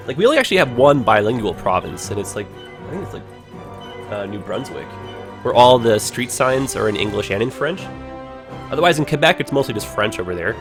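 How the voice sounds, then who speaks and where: A man hosting a game livestream, talking in a rambling, chatty way full of "like". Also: mid-range voice. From Ontario, Canada. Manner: rambling, chatty, heavy use of "like". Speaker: livestream host. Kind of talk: casual game livestream commentary.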